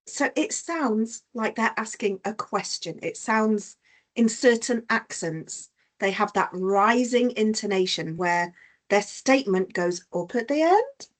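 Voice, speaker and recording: A woman's voice: mid-range voice, slow. A woman teacher giving an online punctuation lesson, explaining patiently with examples over a video call.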